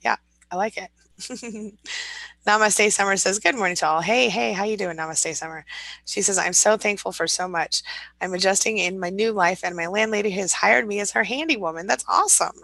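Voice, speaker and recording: A woman's voice: medium pitch, normal speed, creaky, pushed and bright, no echo, low-quality recording. Upbeat woman reading live comments. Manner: upbeat, laughs often, reads comments aloud. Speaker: livestream host reading viewer comments. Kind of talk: casual morning live chat.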